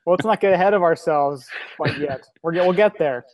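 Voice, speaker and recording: A man's voice: fairly high pitch, normal speed, a little mellow, dry recording. A man co-hosting a casual podcast over a video call, upbeat and eager as he plugs the show. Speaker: podcast co-host.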